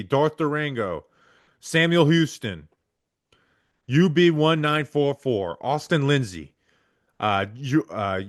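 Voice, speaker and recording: A man hosting a podcast, reading supporter names aloud in quick succession and stumbling over the hard ones. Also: mid-range voice, no echo, studio quality. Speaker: podcast host.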